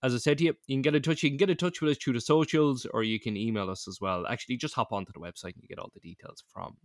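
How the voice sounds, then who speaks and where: A chatty Irish man co-hosting a podcast, his voice close and dry with no room around it. He rambles along with plenty of fillers, at an ordinary, middle pitch. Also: racing, dry recording. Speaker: podcast co-host. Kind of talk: casual podcast chat.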